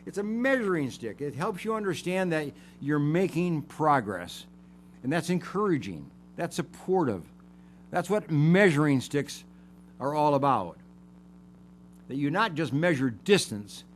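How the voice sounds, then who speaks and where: An older man lectures on family and self-esteem, working through numbered points. He leans on key words and repeats them, and his pitch swings widely. A faint hiss sits under the recording. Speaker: psychology show host. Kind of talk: lecture-style teaching.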